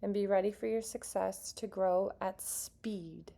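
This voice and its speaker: Gravelly-voiced woman reading tarot. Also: mid-range voice, steady tone, slow pace, darkish tone. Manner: chatty and earnest, with self-aware asides. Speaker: tarot reader. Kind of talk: casual tarot reading to viewers.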